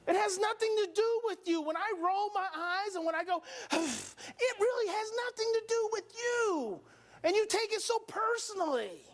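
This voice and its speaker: A man with a notably high voice lectures a workshop with theatrical energy. He swings into acted-out scenes and peppers the room with rhetorical questions. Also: fairly bright tone. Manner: dramatic, acts out parents and brains, rhetorical questions. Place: workshop hall before an audience.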